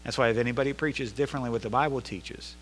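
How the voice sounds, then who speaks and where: A man preaching a sermon as pastor in a church, emphatic, building to loud insistent repetition. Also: medium pitch, quick pace, a little hiss or hum. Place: church sanctuary. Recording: long reverb of a large hall.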